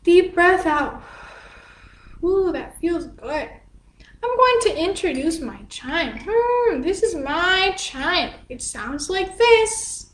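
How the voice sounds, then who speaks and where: Slow, very high-pitched children's dance teacher. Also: female voice, very animated. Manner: patient, sing-song, explains each step simply. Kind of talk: slow, gentle instruction for young children. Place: home room, livestreamed class. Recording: echoey room.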